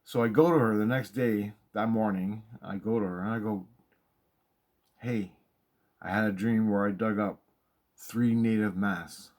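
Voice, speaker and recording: A man excitedly telling a personal story, swearing freely and repeating himself for emphasis. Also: lowish voice, unhurried, long pauses. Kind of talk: casual spoken storytelling monologue.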